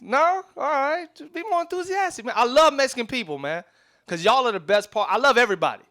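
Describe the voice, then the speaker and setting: A man's voice: very high-pitched, animated, fast, bright, forceful tone. A man doing stand-up comedy, working the crowd in a slangy, teasing way.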